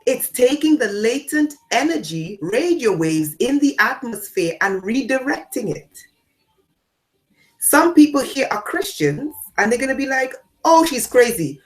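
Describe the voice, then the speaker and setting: A woman giving a spiritual talk to her audience. She repeats phrases for emphasis and swings between loud declarations and low asides. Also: sing-song, unhurried. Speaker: spiritual teacher.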